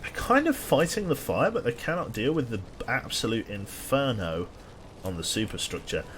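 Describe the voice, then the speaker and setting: A man's voice: medium pitch, very animated, normal speed, fairly bright tone, slight background noise. A man giving dry, sardonic live commentary on his gameplay and chatting with viewers, swearing casually along the way. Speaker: game streamer.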